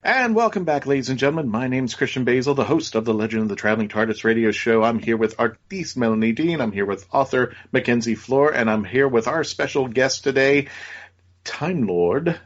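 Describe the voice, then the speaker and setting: A man's voice: medium pitch, a little fast, muffled recording. Joking male radio host in his forties. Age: 40s. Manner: jokey, stumbling, laughs often. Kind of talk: radio talk show hosting.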